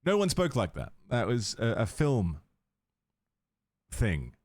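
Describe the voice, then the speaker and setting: A male livestreamer at a home setup talking in casual, rambling tangents and swearing freely. His voice sits at a middling male pitch. The recording is dry and close on a desk mic. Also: wildly swooping pitch, slow, a little mellow, no echo. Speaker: gaming livestreamer.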